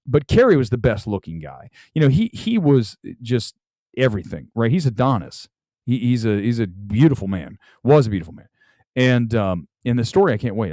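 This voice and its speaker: A man hosts a casual movie live stream, rambling and chatty with frequent restarts. His pitch swings in a lively way as he talks. The sound is dry and close to the microphone. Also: dry recording. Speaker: movie talk show host.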